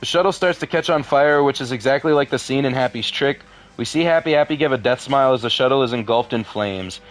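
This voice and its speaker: Deadpan man reading with wry asides. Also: mid-range voice, fast, faint music behind. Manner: deadpan asides, swears in frustration. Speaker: video creator reading a horror story. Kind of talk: casual reading with commentary.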